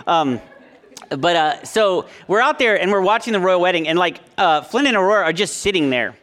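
Male youth leader, 30s, high voice; humorous sermon, self-deprecating, filler-heavy delivery. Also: animated, moderate pace, fairly bright tone. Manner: self-deprecating joking, full of ums and likes.

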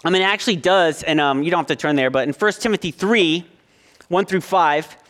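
High-voiced man joking through a sermon. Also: brisk, a bit bright. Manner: self-deprecating joking, full of ums and likes. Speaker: youth leader preaching. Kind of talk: humorous sermon.

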